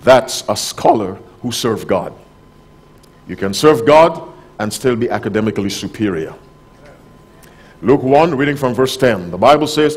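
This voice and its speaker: Direct preacher, man, loud then soft. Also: medium pitch, animated, unhurried. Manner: direct, questions the audience. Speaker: pastor. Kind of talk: sermon. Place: conference hall, live audience.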